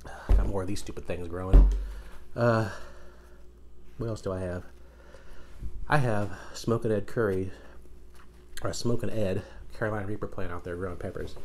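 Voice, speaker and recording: A man's voice: low-pitched, steady tone, moderate pace, long pauses, a little mellow, a little hiss or hum. A middle-aged man, strained and slightly slurring from the heat of a hot pepper, talking casually and groaning and sighing between his words. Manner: groaning, sighing and gasping through the burn. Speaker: vlogger eating hot peppers. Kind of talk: casual vlog.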